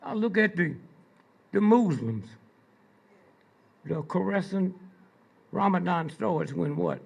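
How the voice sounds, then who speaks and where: An older man telling stories to a live audience, prodding listeners with repeated "Hmm?" and "Huh?" between pointed pauses. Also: high-pitched, big pitch swings, highs cut off. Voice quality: gravelly, husky. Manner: slow, drawn-out delivery with pointed pauses. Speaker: speaker addressing an audience. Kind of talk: storytelling lecture to a live audience.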